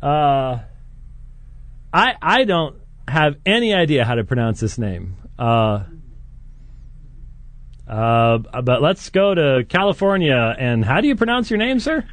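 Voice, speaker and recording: Male call-in host, halting delivery full of restarts, dry close studio sound. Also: a little high, very animated, no echo. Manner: halting, many restarts and fillers, chuckles often. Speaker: radio show host. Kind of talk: call-in radio talk.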